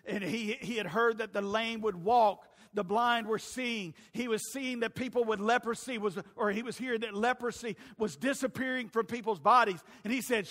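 Pastor, high bright voice, loud preaching with hushed drops, long hall reverb. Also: male voice. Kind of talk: sermon.

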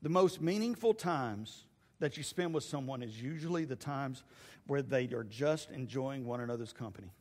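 A middle-aged man preaching a sermon in a church, telling funny stories with loud, animated asides. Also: mid-range voice, moderate pace. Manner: animated, humorous storytelling with shouted asides. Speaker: pastor. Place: church sanctuary. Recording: long hall reverb.

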